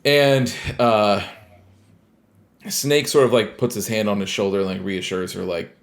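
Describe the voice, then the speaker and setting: Deep-voiced man rambling through a game recap. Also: fairly even intonation, measured pace. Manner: loose and rambling, heavy on filler words; swears casually. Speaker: podcast co-host. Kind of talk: casual chat recapping a video game.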